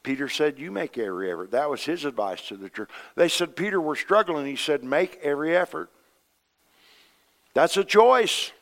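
A middle-aged man, a pastor preaching a sermon, animated, acting out voices in his stories and swinging between loud and soft. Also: fairly high pitch, moderate pace, vocal fry. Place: church sanctuary. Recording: long reverb of a church hall.

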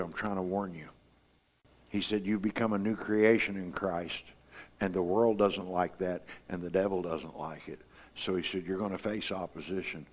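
A man preaching a sermon, folksy and conversational, rising to emphatic peaks. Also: mid-range voice. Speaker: pastor.

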